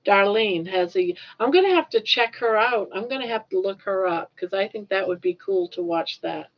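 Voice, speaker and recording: A woman's voice: medium pitch, animated, normal speed. An older woman from Maine hosting a casual livestream chat, rambling along and repeating words as she goes. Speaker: livestream host. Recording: dull lo-fi livestream audio.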